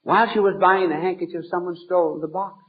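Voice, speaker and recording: An archbishop telling humorous anecdotes in a deliberate, playful storytelling manner. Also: male voice, sits high, fairly even intonation, breathy edge. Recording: narrow phone-like old archival recording.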